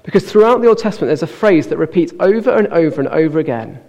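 A preacher delivers a sermon in a mellow, gravelly voice pitched fairly high, talking fast and expressively. He is earnest and stretches out the words he wants to stress, while a long reverb echoes around the church hall.

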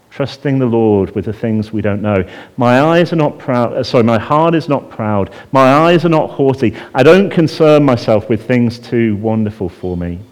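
A man preaching a sermon with a very lively, wide-ranging voice. He acts out a wailing child in a high pitch, then sinks to a hushed murmur for the calm parts. His pitch sits mid-range for a man. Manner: drops to a hushed voice on calming phrases.

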